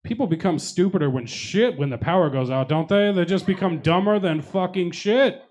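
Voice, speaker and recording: Young male stand-up comic, handheld stage mic, slightly raised pitch, escalating mock-outraged rants. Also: normal speed, darkish tone. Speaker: stand-up comedian. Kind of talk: stand-up comedy set. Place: comedy club stage.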